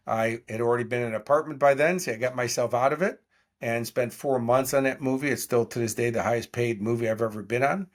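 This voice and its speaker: A man in his sixties, a podcast guest, telling stories in an interview and acting out the dialogue of the people in them. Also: medium pitch. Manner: animated storyteller acting out quoted dialogue. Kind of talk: storytelling interview.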